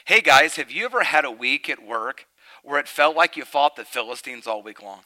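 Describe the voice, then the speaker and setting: A middle-aged man preaching a sermon. He tells a family story, then turns loud and emphatic. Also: medium pitch, a little fast, poor audio.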